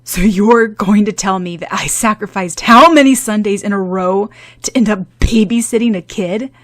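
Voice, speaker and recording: A proud, irritable young boy, as a woman narrator puts him on, loud and forceful in his complaints. He sounds indignant and exasperated, in a storybook reading. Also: mid-range voice, unhurried, lightly acted.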